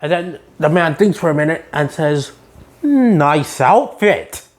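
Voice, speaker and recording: A woman's voice: sits low, fairly even intonation, fairly quick. A woman casually recapping a cartoon episode scene by scene in a chatty, giggly way.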